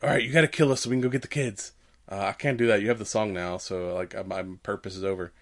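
A man's voice: lowish voice, fairly even intonation, fast. A man co-hosting a podcast, casually recapping a movie in a rambling way, laughing often and acting out the characters' lines. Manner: rambling, laughing, swearing, acts out quotes. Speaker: podcast co-host.

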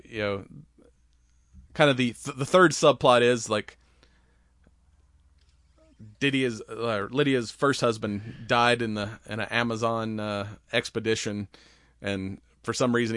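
A man's voice: fairly low pitch, fairly bright tone, no echo, studio quality. A man casually recapping a film plot in a rambling way, laughing often and swearing freely. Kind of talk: casual movie recap chat.

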